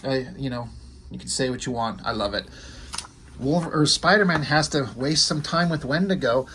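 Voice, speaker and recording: A man's voice: mid-range voice, normal speed, a bit bright, a little hiss or hum. A man casually talking through a comic book page by page, rambling and enthusiastic with offhand asides. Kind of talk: casual video commentary.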